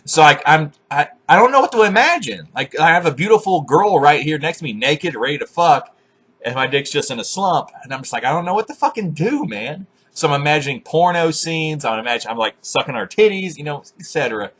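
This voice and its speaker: A man in his twenties telling crude, comic stories to camera, cursing freely, laughing often and breaking into loud shouted re-enactments. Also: fairly high pitch, expressive, a little fast, slightly rough. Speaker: vlogger.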